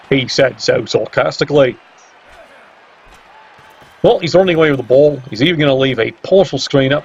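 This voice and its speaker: A man's voice: mid-range voice, normal speed, gravelly, long pauses. A man commentating a video game match in a sarcastic, teasing way. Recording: dull lo-fi mic with faint hiss.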